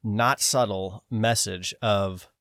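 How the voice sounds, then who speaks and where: A man's voice: takes it slowly, no echo. Dry-voiced man in casual chat. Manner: animated, breaks into shrill mocking voices. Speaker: podcast co-host.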